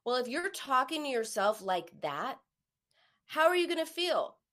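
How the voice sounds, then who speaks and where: A woman's voice: high voice, sing-song, unhurried, fairly bright tone. A woman hosting a live-streamed self-help talk, speaking earnestly in a coaching manner and now and then acting out a harsh inner voice. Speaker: host of a live stream on emotional eating.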